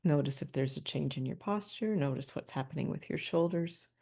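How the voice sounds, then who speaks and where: A woman presenting a webinar over a video call, calmly guiding listeners through posture and breathing cues with light laughs between instructions. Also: low-pitched, a little fast, breathy edge. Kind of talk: guided body-awareness instruction.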